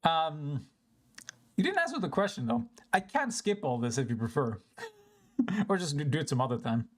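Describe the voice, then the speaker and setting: Casual live-stream commentary over a game comes from a streamer with an animated, mid-range voice at a normal pace. He's rambling and self-deprecating, with occasional swearing and frequent laughter.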